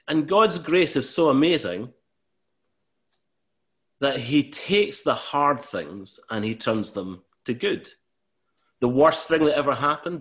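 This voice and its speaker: A man preaching a sermon in an earnest way, rising to emphatic, louder bursts when he gives voice to God. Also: fairly low pitch. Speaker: pastor.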